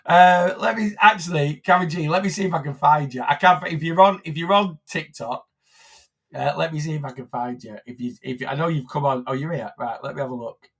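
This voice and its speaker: A man's voice: fairly high pitch, a little fast, husky. A man, a weight loss coach, chatting casually on a phone live stream, rambling with lots of fillers and restarts.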